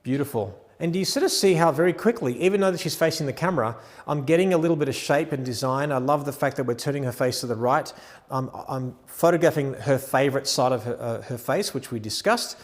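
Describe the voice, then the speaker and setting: A man teaching wedding photography posing, talking through each adjustment while gently directing a model. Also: mid-range voice, fast, in a large hall.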